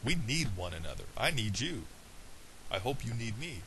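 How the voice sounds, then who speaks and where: A man's voice: mid-range voice, very animated, normal speed, pushed and bright, slight background noise, rough recording. A middle-aged man giving an earnest, blunt pep talk to his business club, emphatic and full of restarts. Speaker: online business coach. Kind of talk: direct-to-camera pep talk.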